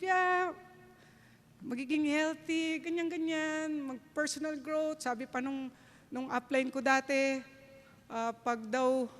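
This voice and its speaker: Filipino lady giving a big motivational stage talk, high voice, lots of echo from a big hall. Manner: emphatic, switches between Tagalog and English. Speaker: network marketing leader giving a keynote. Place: large event hall, on stage. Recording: long reverb of a large event hall.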